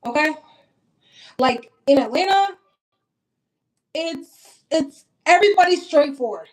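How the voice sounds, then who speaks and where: A woman's voice: sits high, takes it slowly, low-quality recording. A blunt young woman from Minnesota chatting casually while getting ready, swearing freely and talking straight to her viewers. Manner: blunt, profane and animated, talks straight to viewers. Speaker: vlogger. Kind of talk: casual get-ready-with-me chat.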